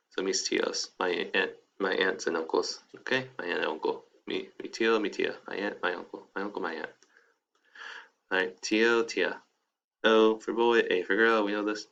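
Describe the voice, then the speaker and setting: Gravelly low-voiced man teaching casually. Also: highs cut off. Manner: relaxed, chatty, repeats vocabulary slowly. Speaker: Spanish teacher. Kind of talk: casual video lesson.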